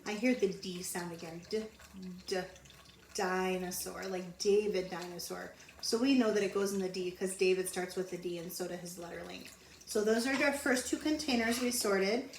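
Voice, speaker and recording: A woman teaching a phonics lesson to young children, sounding out letters slowly and repeating each word. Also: mid-range voice. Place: home. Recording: roomy echo, mic at a distance, faint background noise.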